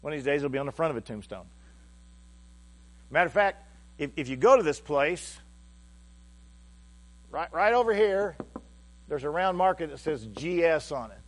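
A male pastor preaching a sermon in a halting, heartfelt way, often repeating words as he restarts. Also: fairly high pitch, animated.

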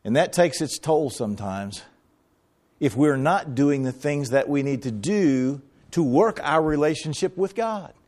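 A man's voice: a little high, lively intonation, measured pace, a little mellow. A middle-aged man preaching a sermon as pastor, dramatic and swinging his voice up and down as he acts out quotes.

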